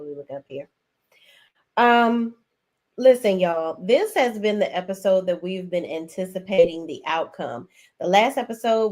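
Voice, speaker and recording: A woman hosting a casual recap chat, animated, acting out characters' lines in a raised voice. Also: medium pitch. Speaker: show review host.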